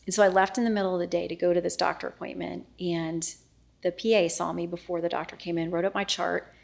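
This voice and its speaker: Earnest middle-aged woman with a gravelly low voice. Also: little pitch movement, fast talker. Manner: earnest, reenacts dialogue, often drops to a hushed voice. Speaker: news anchor and guest. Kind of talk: emotional personal storytelling in interview.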